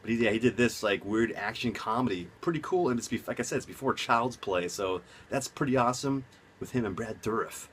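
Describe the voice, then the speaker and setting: A young man, casually reviewing movies at home, rambling and excitable with lots of side notes. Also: mid-range voice, a little fast, slight background noise. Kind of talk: casual enthusiastic vlog. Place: home room.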